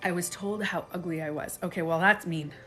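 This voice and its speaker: A woman talking casually on a live stream as a coach, chatty and animated. She acts out quoted phrases and laughs often. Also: on the low side, a little fast, faint music behind. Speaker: life and beauty coach. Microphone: phone.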